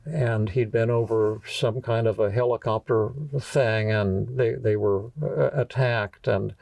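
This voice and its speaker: A man with a gravelly voice tells a long story with frequent stumbles and restarts. He sounds a little distant from the microphone. The recording is dry, with no room echo. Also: lowish voice, steady tone, darkish tone. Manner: halting, with frequent repeated words and restarts. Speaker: podcast host telling a workshop story.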